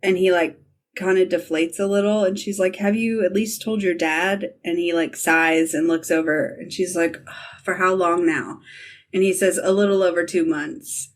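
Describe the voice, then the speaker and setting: A woman with a slightly low voice, chatting casually on a podcast. She retells scenes by acting out each character's lines and laughs often as she goes. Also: fairly even intonation, normal speed. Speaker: podcast host. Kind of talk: casual recap chat.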